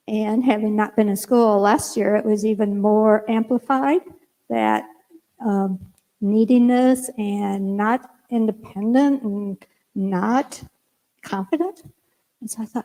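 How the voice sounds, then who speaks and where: Older woman, minister, sermon storytelling, animated, plays both sides of a dialogue, church hall reverb. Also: medium pitch, measured pace. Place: church sanctuary.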